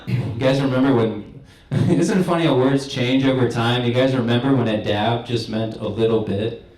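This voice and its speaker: A man's voice: mid-range voice, normal speed, a little mellow, echoey room, rough recording. A young man doing a stand-up set in a comedy club, telling stories in a laid-back, rambling way. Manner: laid-back stoner storytelling.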